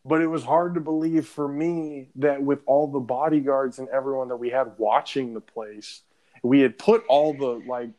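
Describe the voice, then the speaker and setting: A man's voice: medium pitch, steady tone, normal speed, mellow, low-quality recording. A young man casually and loosely telling a story to friends on a podcast, with some swearing. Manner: rambling, profane, loose. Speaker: podcast co-host.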